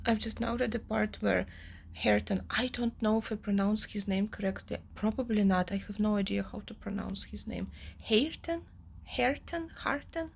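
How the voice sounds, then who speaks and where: In a casual monologue for her reading vlog, a young woman vents emotionally about the novel she's reading, using many fillers. Her medium-pitched voice is creaky and level in tone, her delivery brisk, with slight background noise.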